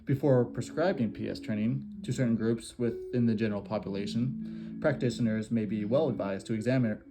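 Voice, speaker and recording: A man reading an academic research paper aloud in a steady, measured way, with small slips and restarts. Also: medium pitch. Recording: guitar music playing behind the voice.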